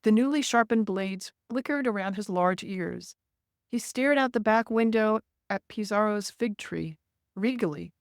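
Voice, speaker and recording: Woman author reading her memoir slow and gentle, um-ing when she just chats, dry sound. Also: medium pitch, creaky, no room sound. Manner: measured, gentle reading with many fillers in free talk. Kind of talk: reading from her memoir, then conversational interview answers.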